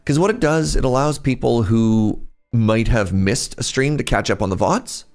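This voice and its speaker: A man's voice: medium pitch, normal speed, a little mellow, soft background music. A man chatting casually while livestreaming a game, rambling and interrupting himself. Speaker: game streamer.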